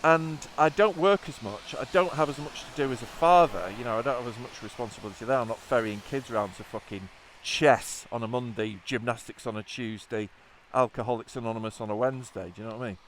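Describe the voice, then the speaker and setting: A man's voice: medium pitch, fast, hardly any pauses, a bit bright, a little hiss or hum. A man, talking in a rambling, sweary, sardonic way on a rainy motorbike trip outdoors. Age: 50s. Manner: sweary, sardonic, wandering asides. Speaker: motorcycle vlogger. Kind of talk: rambling spoken vlog.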